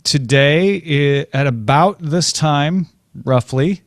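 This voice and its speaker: A man hosting a podcast, chatting casually with wry, relaxed banter and easy laughs. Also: fairly high pitch, takes it slowly, dry recording, clean studio sound. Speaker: podcast host. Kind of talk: casual chat.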